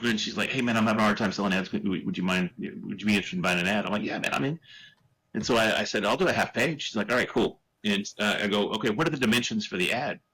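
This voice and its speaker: Lively, bright-voiced joking man. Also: on the low side, husky, rough recording. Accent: Texan. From United States. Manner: joking, goes off on tangents. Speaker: podcast guest. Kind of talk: casual podcast chat.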